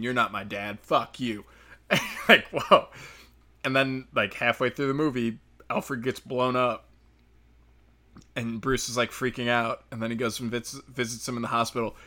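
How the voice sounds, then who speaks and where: A young man giving a casual, profane movie review rant, mocking characters in quick quoted voices. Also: mid-range voice, sharp tone.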